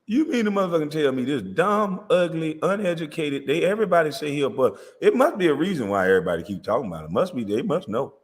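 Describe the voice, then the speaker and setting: A man's voice: fairly high pitch, very animated, fast, hardly any pauses, big-room sound. A man hosting a livestream, ranting boastfully and profanely and laughing often. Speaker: livestream host. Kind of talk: comedic livestream rant.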